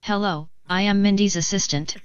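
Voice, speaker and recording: A woman's voice: medium pitch, steady tone, moderate pace, clear, resonant tone, dry recording, natural voice. A synthetic female voice playing a robotic AI assistant who complains stiffly and demands answers. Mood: demanding. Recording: dull lo-fi phone sound.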